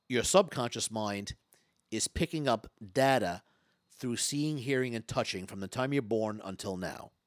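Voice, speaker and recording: A man, a stage hypnotist and former comedian, telling stories in an interview, talking fast and loud with lots of stammered restarts. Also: lowish voice, no room sound, studio quality. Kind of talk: storytelling interview talk.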